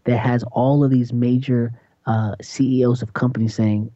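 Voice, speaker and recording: Radio host, chatty storytelling, very mellow dark voice, dry close sound. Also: little pitch movement, moderate pace, dry recording, dull audio. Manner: chatty storytelling, acts out quotes in a high voice. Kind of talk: casual talk-radio monologue.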